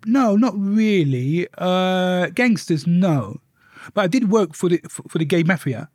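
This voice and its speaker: A man speaking as a guest in a candid life-story interview, an animated storyteller who often repeats his words. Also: sits high, a little slow, no echo, clean studio sound.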